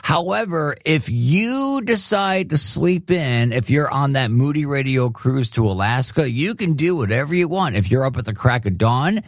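Radio host, man, animated pitch, dry close mic, chatty promo read. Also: normal speed, hardly any pauses, no room sound. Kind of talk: radio station announcement.

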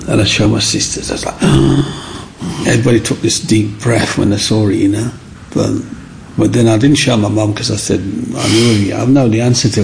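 Gravelly man telling his story. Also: on the low side, a little hiss or hum. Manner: animated, acts out the people in his stories. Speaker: guest. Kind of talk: personal storytelling in an interview.

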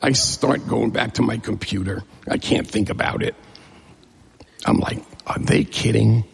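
A man in middle age tells a personal story to a crowd with humor and life, acting out each exchange. His voice is gravelly and husky, with plenty of fry. It carries a long reverb, as from a hall. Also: fairly low pitch, a little slow. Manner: lively, humorous, acts out dialogue.

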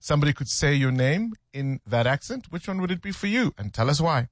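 A man hosting a casual radio chat, easygoing and quick to laugh. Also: on the high side, big pitch swings, noisy background. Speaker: radio host.

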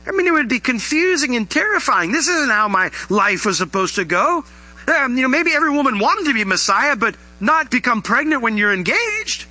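A man preaching a sermon as pastor, animated, his voice rising high on emphatic questions. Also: fairly quick, rough recording.

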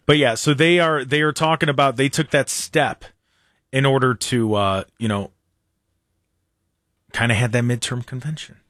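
A man's voice: medium pitch, moderate pace, long pauses, no room sound, studio quality. A man hosting a casual political talk radio show, chatting animatedly and often restarting his sentences. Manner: animated, talks in restarts and repeats.

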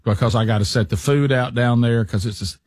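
A middle-aged man, a podcast co-host telling a rambling, animated story in casual chat. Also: medium pitch, fairly quick, dry recording, clean studio sound. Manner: rambling, animated anecdotes with restarts.

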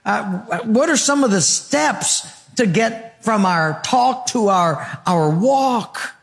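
A pastor's voice sits high as he preaches slowly and expressively, with some vocal fry and a long reverb tail. Addressing a congregation, he throws out rhetorical questions and shares stories, acting out quotes and laughing.

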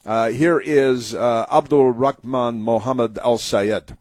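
A man's voice: medium pitch, steady tone, slow, a little mellow, dry recording. Sarcastic rambling talk-radio man. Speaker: radio host. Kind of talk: political talk radio commentary.

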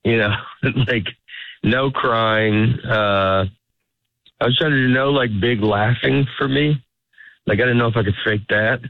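A man's voice: medium pitch, unhurried, gravelly, dry recording. A middle-aged man, a stand-up comedian, chatting casually as an interview guest in a rambling, self-interrupting storytelling way. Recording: tinny phone-like radio sound.

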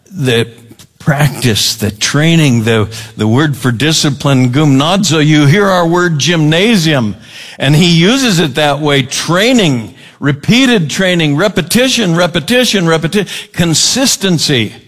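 Slow, deliberate male preacher. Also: on the high side, animated, a bit bright. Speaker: pastor. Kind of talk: sermon.

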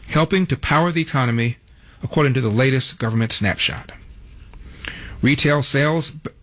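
A man's voice: on the high side, fairly bright tone, slightly rough. A man hosting a talk radio show, delivering news items with wry, sarcastic asides from a studio.

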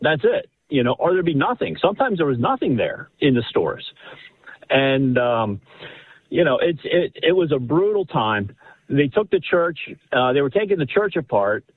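A man calling in to a radio show, telling a family story in an animated, rambling way with many restarts. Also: a little high, normal speed, no room sound. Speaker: caller. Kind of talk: casual storytelling on a phone-in. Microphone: telephone. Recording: husky voice over a tinny phone line.

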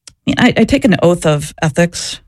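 A woman's voice: lowish voice, animated, brisk, no echo, clean studio sound. A woman and former social worker answering interview questions, telling her story in an earnest, reflective way. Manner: earnest, reflective, searching for words.

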